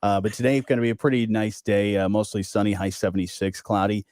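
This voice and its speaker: A man's voice: on the low side, level tone, fast talker, a little mellow, no echo. Upbeat jokey male radio co-host. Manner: upbeat, jokey, self-deprecating. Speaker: radio morning show co-host. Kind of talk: casual radio banter.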